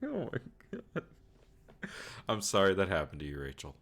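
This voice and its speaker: A man's voice: sits low, huge pitch swings, moderate pace, fairly bright tone. A man chatting casually with friends, teasing and swearing. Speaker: regular player on a tabletop game stream. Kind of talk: casual chat.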